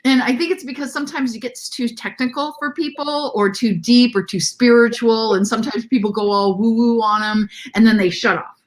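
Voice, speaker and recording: A middle-aged woman, a guest in an interview, telling a story in a lively, animated way and acting out quoted voices. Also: on the high side, brisk. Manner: animated storyteller who acts out quotes in a lifted voice.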